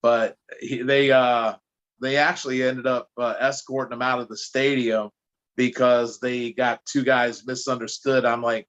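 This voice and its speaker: A man's voice: medium pitch, a little slow, muffled recording. Chatty New man telling stories. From New Jersey. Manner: animated, chatty, stumbling restarts. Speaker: podcast guest, anti-drug speaker. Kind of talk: casual storytelling.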